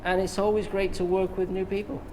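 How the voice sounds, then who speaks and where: English hairstylist talking through a cut. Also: male voice, high voice, fairly quick. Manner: relaxed, chatty, joking asides while cutting. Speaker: hairstylist and educator. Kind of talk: live haircut tutorial commentary. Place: hair salon. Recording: echoey salon with background noise.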